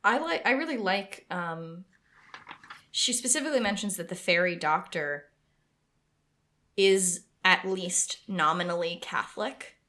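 A woman's voice: on the low side, a little slow, long pauses. A woman co-hosting a podcast, chatting casually about a book she loves, with lots of restarts. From United States. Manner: chatty, animated, with frequent restarts. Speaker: podcast co-host.

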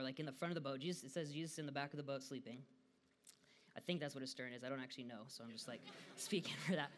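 A man's voice: fairly high pitch, a bit bright, a little hiss or hum. A young American man giving a casual devotional talk, chatty and full of fillers. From United States. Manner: casual and chatty, frequent "like" fillers, laughs often.

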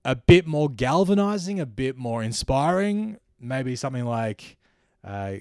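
A man's voice: mid-range voice, very animated, measured pace, no echo. Sardonic Australian man, dry sound. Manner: sardonic, ranting. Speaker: comedian host. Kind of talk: satirical comedy monologue.

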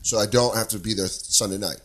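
A man's voice: lowish voice, fast talker. A man hosting a podcast, telling a story in casual chat, acting out voices and swearing. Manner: animated, acts out voices, swears. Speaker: podcast host.

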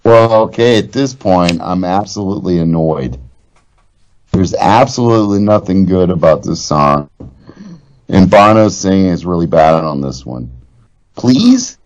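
A man co-hosting an album review podcast, deadpan and annoyed in his verdicts. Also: deep voice, normal speed. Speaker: podcast co-host. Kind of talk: casual album review chat.

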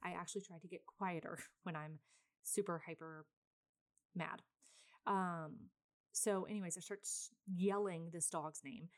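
Chatty woman with a lowish voice. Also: fairly even intonation, a little slow. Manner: chatty and rambling, many fillers; self-described very loud person. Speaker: mother telling a personal story. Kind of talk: casual vlog storytelling.

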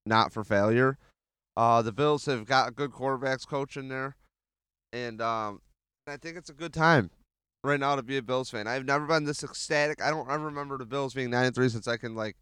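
A man hosting a casual sports podcast, swearing often and rambling excitedly with restarts, speaking into a handheld mic. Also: medium pitch, clean tone, dry recording, studio quality. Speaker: podcast host.

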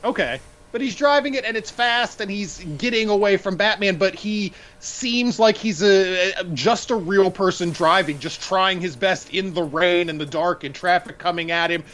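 A man's voice: sits high, moderate pace, fairly bright tone. A man co-hosting a casual film podcast, thinking aloud and rambling with fillers as he gives his opinions. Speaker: podcast co-host.

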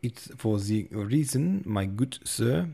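A man voicing a stocky, pompous old hussar colonel with a German accent, speaking slowly and stressing his words. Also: mid-range voice, lively intonation, vocal fry, dark tone, exaggerated voice. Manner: slow, emphatic, over-stressing words.

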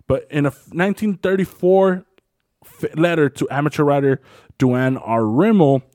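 A man's voice: medium pitch, a little mellow. A man co-hosting a podcast in casual chat, rambling and swearing often, restarting his sentences. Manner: rambling, profane, many restarts. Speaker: podcast co-host.

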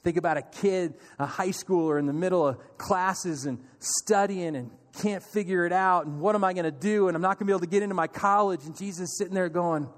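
Male pastor, high voice, lively sermon with acted-out panic and soft calm replies, long hall reverb. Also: a little fast, hardly any pauses.

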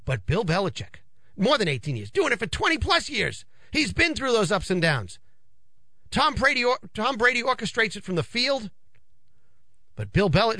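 Chatty radio host, lively and dry. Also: male voice, sits high, no echo. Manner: animated, chatty, repeats phrases for emphasis. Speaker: radio show host, financial advisor. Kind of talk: casual radio talk. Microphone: studio microphone.

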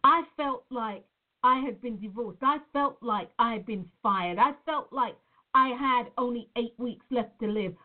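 A woman's voice: fairly high pitch, measured pace. A woman from Nevada speaking earnestly and reflectively to her viewers, often repeating her phrases. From Nevada, USA. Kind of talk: personal monologue to viewers. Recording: phone-like narrow sound.

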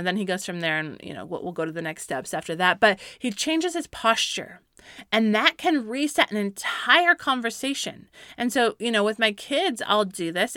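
A mother talks other parents through faith-based parenting advice in a casual, encouraging way. She laughs lightly and fills gaps with "you know" and "right". Her voice is bright and forceful, and the recording is close and dry with no room sound. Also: medium pitch, dry recording. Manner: earnest and encouraging, with light laughs and filler words. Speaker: Christian parenting speaker, mother.

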